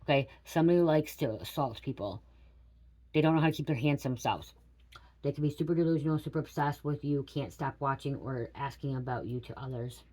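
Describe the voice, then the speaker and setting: A woman's voice: extremely low pitch, fairly quick, warm tone. A middle-aged woman giving a casual spiritual reading to camera. She rambles, swears bluntly and keeps checking in with "okay?". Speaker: tarot reader.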